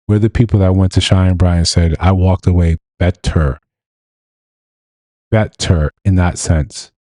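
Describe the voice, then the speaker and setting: A man giving blunt, animated livestream commentary, often mimicking other people in quotes. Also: deep voice, no room sound. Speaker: streamer and commentator.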